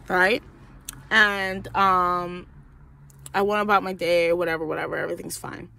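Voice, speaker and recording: A woman's voice: lowish voice, moderate pace, creaky. Young woman venting in a storytime vlog. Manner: venting, profane, animated retelling with quoted voices. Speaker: vlogger.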